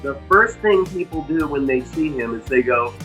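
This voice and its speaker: A man's voice: fairly high pitch, lively intonation, moderate pace, over loud music. A middle-aged man telling heartfelt personal stories about his dog, earnestly repeating key phrases for emphasis. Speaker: dog owner and vlogger.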